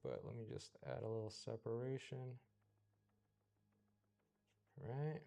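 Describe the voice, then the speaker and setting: A man streaming as he paints, thinking aloud in a mumbled, unhurried way. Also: mid-range voice, fairly even intonation, gravelly, dark tone. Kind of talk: casual commentary while painting.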